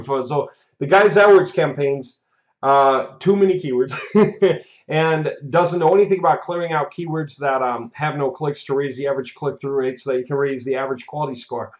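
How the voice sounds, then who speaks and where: A man's voice: on the high side, normal speed. A man giving a casual video update as the host of a marketing course. He has the hiccups, laughs often and rambles. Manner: chatty, laughs often, restarts and fillers. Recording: echoey room, dull lo-fi sound.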